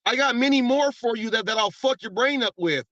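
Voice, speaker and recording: A man's voice: very high-pitched, brisk, bright, forceful tone, dry recording. An American man hosting a live podcast, arguing heatedly with a guest, repeating himself and taunting him. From United States. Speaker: podcast host. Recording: dull lo-fi stream audio.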